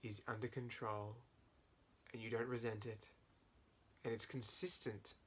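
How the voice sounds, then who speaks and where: A man in his twenties chatting casually with a friend, playful and teasing, with animated asides. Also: on the low side, unhurried, breathy edge. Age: 20s. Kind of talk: casual chat between friends.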